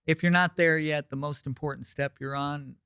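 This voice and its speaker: Gravelly, smooth-voiced man on a podcast. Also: a little high, steady tone, moderate pace, sharp tone, dry recording, studio quality. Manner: reflective, hesitant with fillers. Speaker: podcast co-host. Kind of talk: casual recovery podcast talk.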